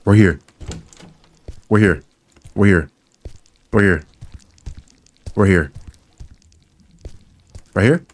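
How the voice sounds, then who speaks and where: A young man narrates his own horror game run. He is jumpy and profane, and he repeats short phrases again and again as the game pushes him around. His voice sits a bit on the low side. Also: extremely slow, pauses often. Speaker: gaming YouTuber. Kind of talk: let's play commentary.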